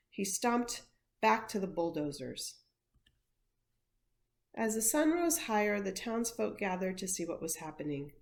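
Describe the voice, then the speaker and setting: Unhurried woman reading a picture book aloud. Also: mid-range voice. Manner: expressive storytelling, unhurried. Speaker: education coordinator.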